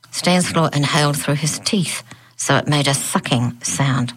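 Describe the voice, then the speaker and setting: Low-voiced woman narrating a story. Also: moderate pace, husky, poor audio. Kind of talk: audiobook narration.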